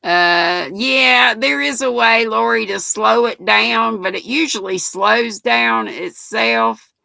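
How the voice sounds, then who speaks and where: A woman's voice: fairly high pitch, takes it slowly, gravelly, bright, forceful tone, no room sound. An older woman with a North Carolina accent, hosting a livestream in a chatty, folksy way and reading viewer comments aloud. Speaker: livestream host reading chat. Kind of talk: casual chat.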